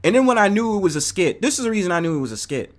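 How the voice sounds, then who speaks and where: A man from New City, hosting a live stream and ranting casually to his chat viewers, profane and animated. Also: high-pitched, racing. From New York City. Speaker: host.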